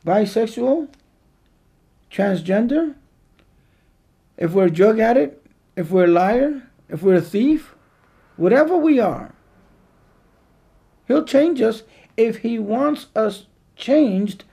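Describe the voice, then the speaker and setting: A man preaching a sermon, with earnest, drawn-out emphatic phrasing and a gravelly voice. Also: high voice, expressive, dark tone.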